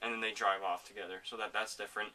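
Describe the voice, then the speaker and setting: A man hosting a casual home podcast, rambling excitedly about a video game and swearing often. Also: on the low side, quick pace, far from the mic. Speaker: podcast host. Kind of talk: casual gaming chat.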